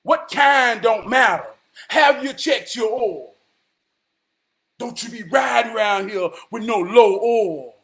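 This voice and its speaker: High-voiced man preaching hard. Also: animated, slow pace. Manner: emphatic and preachy, swinging from shouts to hushed tones; repeats lines for emphasis, street slang. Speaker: motivational vlogger. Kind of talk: motivational straight talk.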